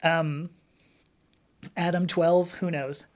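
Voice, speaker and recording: A woman's voice: fairly low pitch, fairly even intonation, drawn-out words, a little mellow. A woman hosting a casual livestream, answering viewer questions in a rambling, chatty way and often breaking into laughter. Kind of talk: casual chat.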